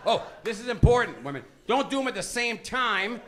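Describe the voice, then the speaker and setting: Animated, high-pitched middle-aged comedian. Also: male voice, brisk, background noise. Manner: animated, emphatic, repeats "listen" to hold the crowd. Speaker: stand-up comedian. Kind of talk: stand-up comedy set. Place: comedy club stage. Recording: live club with crowd laughter. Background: audience laughing and reacting.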